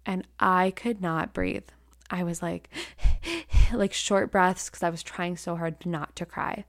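A woman's voice: on the low side, fairly even intonation, unhurried, creaky, no room sound, clean studio sound. Candid young woman telling a story. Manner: candid, rambling with many "like" fillers. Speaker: acting teacher. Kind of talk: personal storytelling.

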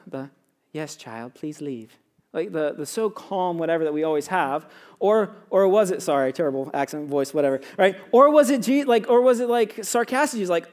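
Man, pastor, high-pitched, conversational sermon, informal. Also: a little mellow. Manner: conversational, peppered with "right?" and "like".

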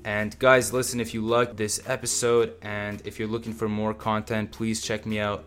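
A man's voice: on the low side, level tone, moderate pace, a bit bright. A man hosting a solo motivational podcast, talking bluntly and casually to his listeners and swearing freely. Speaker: podcast host.

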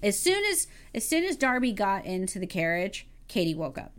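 A woman's voice: medium pitch, big pitch swings, normal speed. A woman co-hosting a podcast, chatting and laughing as she recaps a film. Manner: chatty, laughing, playfully scolding. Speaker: podcast co-host. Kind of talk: casual chat recapping a film.

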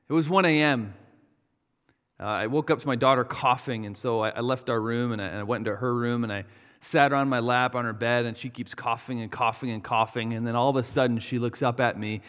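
A man's voice: medium pitch, moderate pace, fairly bright tone, in a large hall. A man in his thirties, a pastor preaching a sermon, telling a family story with quoted voices. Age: 30s.

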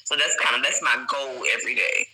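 A man's voice: medium pitch, fairly even intonation, brisk, bright, forceful tone, low-quality recording. A man chatting as an interview guest, rambling with frequent fillers and laughs. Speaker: guest teacher living in China. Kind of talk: casual interview chat.

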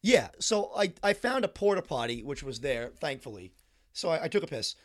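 High-voiced, wry man griping. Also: sing-song, normal speed. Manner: wry, exasperated storytelling with acted-out quotes. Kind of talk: casual storytelling chat.

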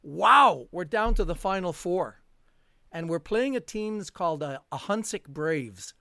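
Older guy as a rambling, chuckling guest storyteller; slightly high voice, dry close sound. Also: expressive, unhurried, creaky, pushed and bright, no room sound. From Canada. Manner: rambling, chuckling, full of fillers. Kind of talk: storytelling in a conversation.

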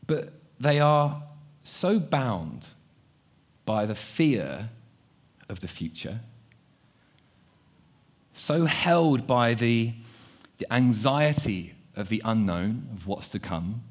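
Here a young man gives a sermon in a mid-range, slightly rough voice. His earnest delivery features repeated words as he reasons aloud, shifting back and forth between quiet and animated.

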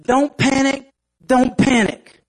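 A man acting out a nerdy male ant leader who gives steady, reassuring commands. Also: very high-pitched, slow pace, pitched above the performer's own voice, heavily acted, low-quality recording.

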